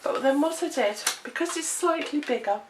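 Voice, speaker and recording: A woman's voice: high-pitched, animated, normal speed. A woman, out of breath and coughing, chattily demonstrating a card-making craft and laughing at her own slips. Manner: chatty, self-deprecating, talks while working. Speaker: craft tutorial presenter. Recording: echoey room, distant mic, noisy background.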